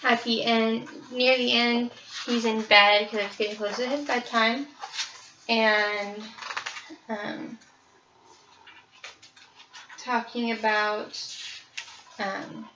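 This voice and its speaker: Young woman, book presentation, casual with ums, bright tone, lo-fi sound. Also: on the high side, level tone, takes it slowly, long pauses, distant mic, slight background noise. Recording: roomy, slightly dull recording.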